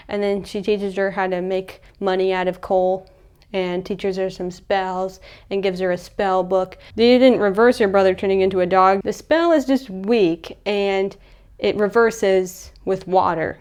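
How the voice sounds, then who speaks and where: A young woman casually recapping a movie in a chatty, animated way, acting out the characters' lines. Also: mid-range voice, a little slow, clear, resonant tone. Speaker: movie reviewer.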